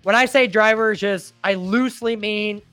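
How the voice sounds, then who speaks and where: Male live-stream host with a high, dry voice into a desk mic, chatty and rambling. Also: fairly even intonation, moderate pace, bright, forceful tone, clear, resonant tone, no room sound, soft background music. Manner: rambling and chatty, with laughs and restarts. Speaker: host and admin of a trucking group. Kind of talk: casual live stream chat, reading viewer comments. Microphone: desktop microphone.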